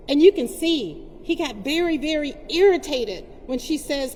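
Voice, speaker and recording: A high-voiced woman delivers a forceful, indignant speech to a gathered crowd, pressing her points through repetition. Her voice rings with a long reverb, and faint noise sits underneath. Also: expressive, unhurried, few pauses. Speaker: community advocate speaking at a press conference. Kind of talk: impassioned public speech.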